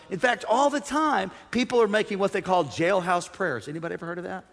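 A man preaching a sermon as pastor, energetic and humorous, calling out to his congregation. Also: high-pitched, fast talker, vocal fry, hardly any pauses. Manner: energetic preaching with audience call-outs and humor. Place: church sanctuary. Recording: long reverb of a large hall.

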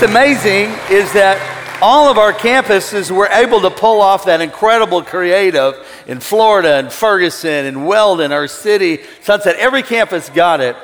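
A man preaching a sermon to a live congregation, telling a story in an animated, joking way. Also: high-pitched, normal speed, a little hiss or hum. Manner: storytelling, animated, jokey with the crowd. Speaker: pastor. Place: church auditorium. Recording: large hall with long reverb.

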